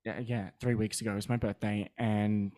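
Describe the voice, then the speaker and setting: A man in a casual podcast chat, talking hesitantly with many pauses and fillers. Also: lowish voice, level tone. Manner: hesitant, many ums, warm storytelling.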